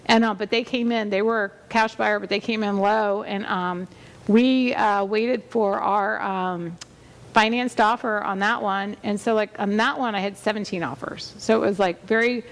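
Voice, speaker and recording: A woman hosting a real estate show, talking in a loose, rambling way that is full of fillers and false starts. Her voice has a gravelly, fry-tinged texture at an ordinary middle pitch. She tells stories in a casual, conversational style. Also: fairly even intonation, normal speed. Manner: chatty and rambling, with many fillers and restarts.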